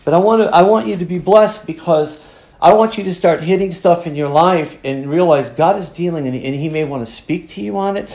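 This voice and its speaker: A man's voice: fairly high pitch, brisk, darkish tone, roomy sound. A man preaching a sermon as pastor, emphatic and growing fervent as he drives his points home.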